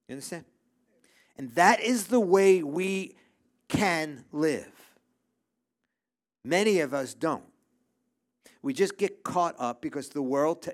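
A middle-aged man preaches a sermon to his congregation in a slightly higher-pitched voice. He is emphatic and repeats his phrases, checking in with "okay?" as he goes. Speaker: pastor. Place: church room with a congregation.

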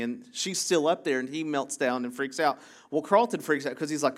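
This pastor's voice sits mid-range and moves at a normal speed. He preaches casually, interrupting himself with jokes and chatty asides while repeatedly asking the congregation "right?"

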